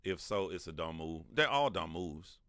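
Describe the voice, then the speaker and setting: Deep-voiced man hosting a casual livestream. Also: moderate pace, no echo, studio quality. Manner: animated, laughs often, talks back to chat. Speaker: livestream host.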